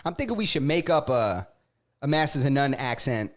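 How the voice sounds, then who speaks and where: A man's voice: mid-range voice, very animated, normal speed. A young man, co-hosting a podcast, playful and emphatic, laughing often. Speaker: podcast co-host. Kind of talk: casual chat.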